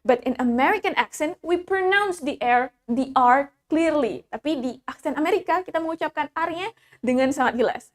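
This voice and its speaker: Woman, high pitch, English teacher, bilingual lesson, word drills. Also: expressive, fairly quick. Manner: switches between English and Indonesian, drills words for repetition.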